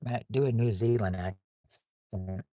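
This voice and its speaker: A man's voice: fairly low pitch, slow pace, mellow, no room sound, studio quality. A man hosting a livestream game night on his phone in a casual, rambling way, reading out viewers' names and answers.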